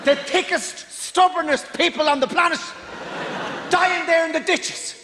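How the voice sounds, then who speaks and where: An Irish comedian delivers a deadpan stand-up rant in a strikingly high voice. His words stretch out for emphasis, and a long reverb and clear background noise from the venue trail behind him. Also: unhurried. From Ireland. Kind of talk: stand-up routine.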